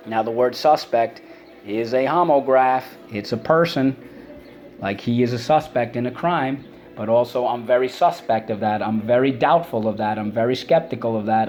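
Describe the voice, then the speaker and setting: A man teaching a spelling and vocabulary lesson for children, sounding out words slowly and prompting listeners to repeat them. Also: mid-range voice, darkish tone.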